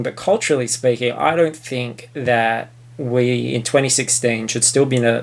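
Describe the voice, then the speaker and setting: A man's voice: mid-range voice, vocal fry. An Australian man co-hosting a podcast, giving blunt, opinionated film reviews in casual chat and swearing freely. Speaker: podcast co-host.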